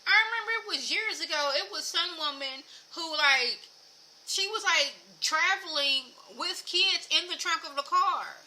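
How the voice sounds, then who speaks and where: Chatty woman with a bright, high voice. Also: a little slow, low-quality recording. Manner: animated, chatty, lots of filler words. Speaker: reality TV recap vlogger. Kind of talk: casual recap chat.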